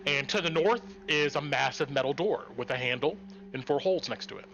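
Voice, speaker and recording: A man running a tabletop game, his bright, forceful voice sitting a little high. He lays out scenes in a measured way, pausing on fillers. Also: highs cut off, slight background noise. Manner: measured descriptive narration with fillers. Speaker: game master.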